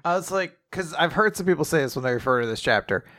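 A man's voice: on the high side, expressive, quick pace, pushed and bright, no echo, studio quality. A man co-hosting a podcast who gives wry, exasperated commentary. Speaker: podcast co-host. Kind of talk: casual chat.

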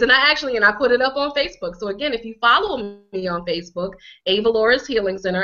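A woman from Connecticut talks with a bright, forceful voice, a little hoarse as she gets over a cold. She leans on her words and repeats them for emphasis. The audio is slightly dull and lo-fi. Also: on the high side, quick pace, hardly any pauses. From Connecticut, USA. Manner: emphatic, repeats phrases for effect. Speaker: healing coach, guest. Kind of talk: conversational interview.

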